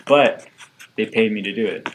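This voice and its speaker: A man's voice: fairly low pitch, moderate pace, noisy background. A young man co-hosting a podcast, giggling and teasing as he talks about his new part-time job in casual chat. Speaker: podcast co-host.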